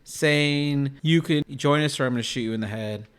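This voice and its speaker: A man's voice: a little high, moderate pace, smooth. A man co-hosting a podcast, casually recapping a film's plot and acting out the characters' lines as he goes. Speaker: podcast co-host. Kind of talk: casual chat recapping a film.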